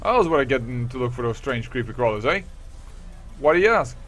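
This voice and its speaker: A man's voice: medium pitch, very animated, brisk, a bit bright, voice pushed down. A man voicing a brash, defiant Irish ex-smuggler woman, putting on an Irish accent while reading game dialogue aloud. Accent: Irish, put on. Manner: slangy, blunt, swaggering.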